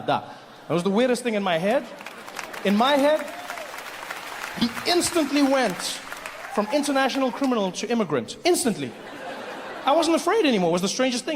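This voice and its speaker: A man works the room through a handheld stage mic in a big theater, his voice sitting high for a man. The long hall reverb trails every line, over a faint layer of room noise. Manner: animated, slips into mock voices and shouted impressions. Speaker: stand-up comedian. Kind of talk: stand-up comedy set. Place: large theater before a live audience.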